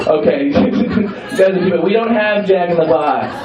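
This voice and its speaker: A young male stand-up comedian with a high voice and slow pace riffs playfully with a comedy club crowd, teasing them and swearing freely. He's recorded from a distance, so the roomy club sound is dull, with audience laughter in the background.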